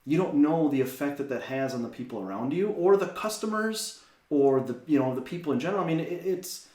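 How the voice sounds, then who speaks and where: A man co-hosting a casual faith-based talk, thinking out loud and often checking in with "right?". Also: fairly high pitch, animated, a little fast. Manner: says "right?" a lot, reflective, backs up his co-host. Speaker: podcast co-host. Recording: echoey room.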